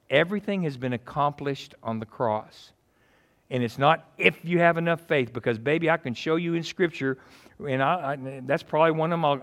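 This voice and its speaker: Male preacher, casual sermon, jokey storytelling, slightly high voice, lively pitch. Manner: joking, storytelling, conversational.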